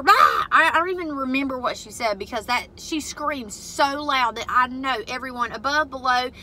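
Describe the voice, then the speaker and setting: A woman's voice: high-pitched, bright, forceful tone, low-quality recording. A woman venting to camera from her car, blunt and profane as she retells a family fight. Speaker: vlogger and mother. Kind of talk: venting casual vlog to camera. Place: inside her parked car.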